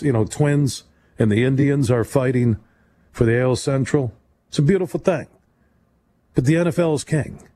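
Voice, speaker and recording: Mellow-voiced sports radio host, emphatic and rambling. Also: male voice, slight background noise. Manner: emphatic, conversational, rambling, jumps in pitch for emphasis. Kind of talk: call-in sports talk radio. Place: radio studio. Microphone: studio microphone.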